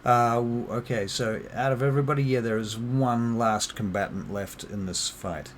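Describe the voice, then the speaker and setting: A man narrating a tabletop game as game master, relaxed and full of fillers. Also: medium pitch, normal speed, a little hiss or hum.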